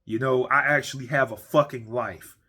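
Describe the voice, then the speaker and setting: A man's voice: medium pitch, steady tone, moderate pace, sharp tone, slightly rough. A man delivering a comedic rant from his man cave, swearing heavily, blunt and repetitive, often restarting his sentences. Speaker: ranting monologue creator.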